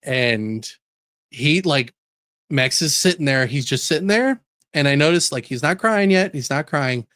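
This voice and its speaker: A man's voice: fairly high pitch, measured pace, no room sound, studio quality. Chatty man telling stories. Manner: animated storyteller, laughs while talking. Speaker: podcast co-host. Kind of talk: casual chat.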